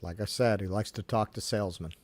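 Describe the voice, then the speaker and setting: A man from New York co-hosting a casual political chat stream, talking in an animated, indignant way with lots of swearing. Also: on the low side, a little fast, no room sound. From New York, Queens. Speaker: co-host.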